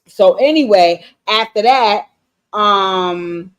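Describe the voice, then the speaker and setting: Woman, livestream host, episode recap, casual, profane, animated storyteller, acts out quotes. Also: medium pitch, takes it slowly, smooth. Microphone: streaming setup mic.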